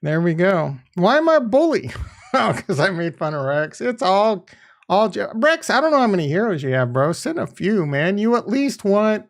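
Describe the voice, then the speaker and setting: Excitable man streaming a crypto game. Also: high voice, normal speed, creaky. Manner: excitable, laughs often, swears casually; rambling, thinks aloud. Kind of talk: live stream commentary.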